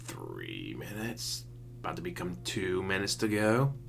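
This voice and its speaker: A man's voice: sits low, huge pitch swings, unhurried, gravelly, music in the background. A man giving sarcastic, mocking running commentary while he watches another streamer's broadcast. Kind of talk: casual reaction commentary. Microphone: desktop USB mic.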